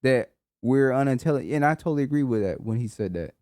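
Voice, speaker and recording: Male co-host, blunt and profane, mellow voice, dry sound. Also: mid-range voice, animated, quick pace, dry recording. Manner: blunt, argues his point with cursing. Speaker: podcast co-host. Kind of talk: casual political chat.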